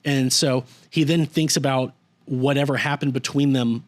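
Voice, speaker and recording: A man with a mid-range voice hosts a podcast, recapping a story in casual chat at normal speed and a steady tone. He rambles, swears freely, leans heavily on "like," and briefly acts out characters when quoting them.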